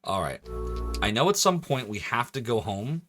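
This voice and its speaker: A man's voice: medium pitch, very animated, moderate pace, music in the background. A man casually commentating as he streams a video game, thinking aloud and joking as he plays. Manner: chatty, thinks aloud, jokey.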